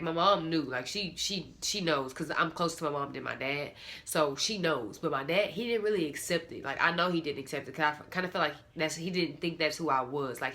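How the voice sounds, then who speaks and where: A woman's voice: deep voice, sharp tone. A young woman candidly telling a personal story, rambling and quoting what people said. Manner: candid, rambling, lots of "like" and quoted dialogue.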